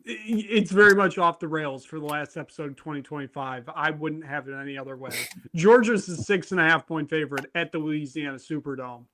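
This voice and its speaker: Young guy hosting a sports betting chat, kinda highish voice, stumbles over words a lot. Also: brisk, few pauses, bright, forceful tone. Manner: chatty, stumbles over his words and laughs easily. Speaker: host.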